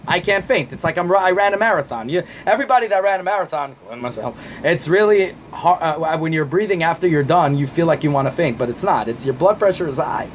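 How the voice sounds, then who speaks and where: A man's voice: on the high side, lively intonation, fast, few pauses, slight background noise. A man coaching people through anxiety in a vlog Q&A, answering viewer questions in a blunt, profane, fired-up way and repeating himself for emphasis.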